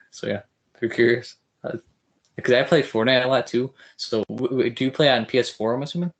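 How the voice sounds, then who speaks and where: A man's voice: mid-range voice, fairly quick. A man hosting a podcast interview, teasing his guest and talking loosely with repeated fillers. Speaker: podcast host. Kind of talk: casual interview chat.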